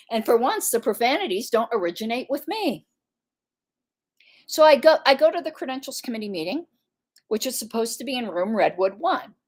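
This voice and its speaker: A woman with a fairly high voice that climbs and drops all over as she tells the story. She is indignant and sarcastic, moving between mock disbelief and sharp emphasis in a casual commentary monologue. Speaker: political commentator, party secretary.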